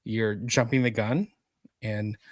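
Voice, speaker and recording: A man's voice: lowish voice, fairly even intonation, slow, dry recording. A man co-hosting a geek culture podcast, chatting casually and reading news items aloud. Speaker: podcast co-host. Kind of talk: casual chat.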